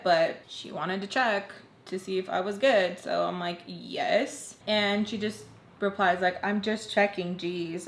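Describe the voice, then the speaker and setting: A woman's voice: mid-range voice, creaky, fairly bright tone, reverberant. A young woman casually telling a personal story to her viewers, full of fillers and acted-out quotes. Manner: chatty, heavy use of "like", acts out quoted voices.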